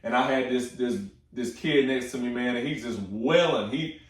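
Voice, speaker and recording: A young man casually talking about upcoming films, excitable and slangy, swearing freely. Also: medium pitch, normal speed. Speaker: movie talk host. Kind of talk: casual movie chat. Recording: echoey room, far from the mic.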